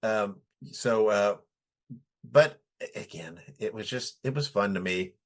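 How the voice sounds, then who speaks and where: Man, halting and filler-heavy. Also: fairly low pitch. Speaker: podcast co-host. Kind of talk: casual podcast chat.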